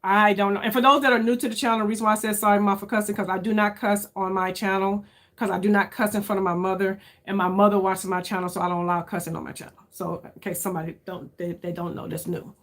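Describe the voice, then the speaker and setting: Speaking at a quick pace with fairly even intonation, a woman in her 50s who creates beauty content chats candidly and searchingly with her audience. She often uses "y'all" and raises her pitch when emphasizing.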